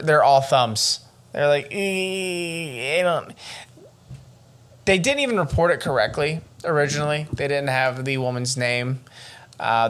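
A man of ordinary pitch co-hosts a casual true-crime podcast. He tells the story in an animated, excitable way and swears freely as he goes. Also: clean tone. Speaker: podcast co-host.

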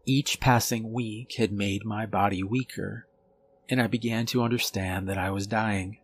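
A man reading a horror story aloud in a measured, calm storytelling manner. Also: on the low side, breathy edge. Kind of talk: scripted horror story narration.

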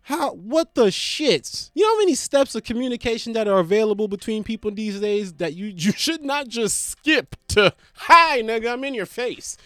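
A man tells a comedic rant in an exaggerated, swinging manner. His voice sits high and moves all over the place. The sound is dry and close, with no room around it. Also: sing-song, normal speed, hardly any pauses, no echo. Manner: exaggerated, swings into low put-on voices for callers. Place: indoors at home.

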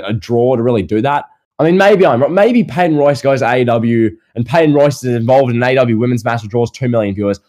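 Sarcastic Australian podcast host. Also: male voice, mid-range voice, warm tone. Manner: rapid rhetorical questions, sarcastic. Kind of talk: casual wrestling podcast chat.

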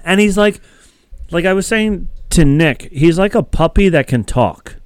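A man's voice: sits high, expressive, a little slow, clear, resonant tone, no echo. A man casually recapping a TV episode as a podcast co-host, rambling with many fillers. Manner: rambling, filler-heavy storytelling.

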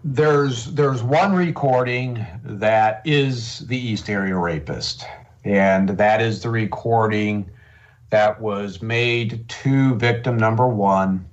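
Man, interviewee, low pitch, hesitant then emphatic, muffled lo-fi recording. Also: slow pace. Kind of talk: interview answer. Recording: muffled lo-fi sound.

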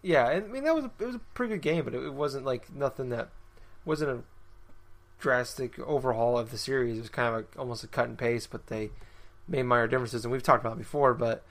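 A man's voice: medium pitch, quick pace. A man hosting a casual gaming chat, rambling with lots of fillers and restarts. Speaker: podcast host.

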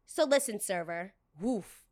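A woman hosts a casual chat show and tells her stories with dramatic flair. She jumps into quoted dialogue and keeps the retelling animated. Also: medium pitch, unhurried. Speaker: podcast host. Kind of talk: casual storytelling.

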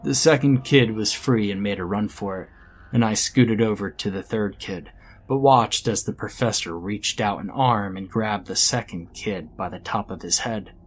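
Low-voiced man narrating a horror story. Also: normal speed, a little hiss or hum. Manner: dramatic first-person storytelling.

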